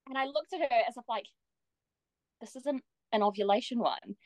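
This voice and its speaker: A young woman tells her story as a podcast guest, bubbly and laughing often. She acts out quoted lines with playful shifts. Her voice sits a little high, and the sound is dry. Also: moderate pace, long pauses, no room sound, poor audio. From New Zealand. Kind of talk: casual storytelling.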